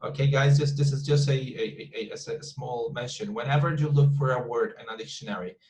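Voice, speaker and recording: A man's voice: mid-range voice, steady tone, brisk, darkish tone, echoey room, slight background noise, poor audio. A male teacher, explaining syllables in an online class, often repeating words and restarting his sentences. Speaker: English teacher.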